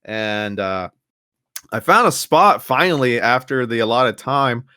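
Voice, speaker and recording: Young male podcast co-host, animated pitch, bright voice, dry close mic. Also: measured pace, clean tone, no echo. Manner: rambling storyteller, acts out loud quoted shouts. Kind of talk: casual chat.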